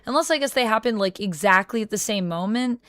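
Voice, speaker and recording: A young woman streaming from home, chatting casually with her viewers and thinking out loud into a close mic. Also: medium pitch, animated, brisk, no echo. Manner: chatty, talks to chat, thinks aloud. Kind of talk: casual livestream chat.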